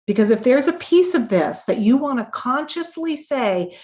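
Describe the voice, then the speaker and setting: A woman hosting a live tapping call, coaching listeners with slow, emphatic talk and sudden emotional bursts. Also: sits high, expressive, darkish tone, dull audio.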